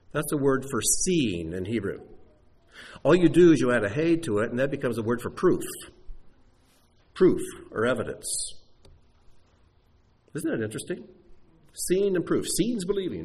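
A man preaching a sermon, explaining Hebrew words with an animated teaching manner. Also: medium pitch, measured pace, long pauses.

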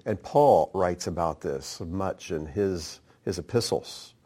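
A man preaching a sermon, teaching at an unhurried pace and reading scripture aloud between his explanations. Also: sits low, warm tone. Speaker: pastor.

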